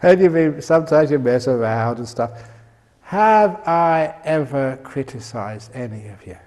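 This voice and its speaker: A man's voice: mid-range voice, lively intonation, measured pace, darkish tone, big-room sound. An older man giving a humorous dharma talk at a meditation retreat, joking and laughing often at his own lines. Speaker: meditation teacher.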